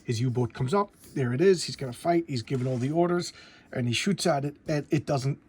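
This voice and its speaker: A man's voice: mid-range voice, a little fast, darkish tone, husky. A man casually reviewing old comic books in a rambling, enthusiastic way, often restarting and repeating words. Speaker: comic book collector and reviewer.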